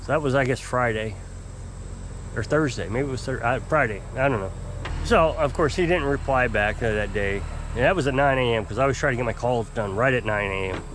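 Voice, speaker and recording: An average-pitched man tells a rambling, exasperated story to his camera about customers who keep him waiting. He mimics them in high, put-on voices. Faint insects buzz around him outdoors. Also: a little fast, fairly bright tone, a little hiss or hum. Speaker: off-grid homesteader fixing small engines.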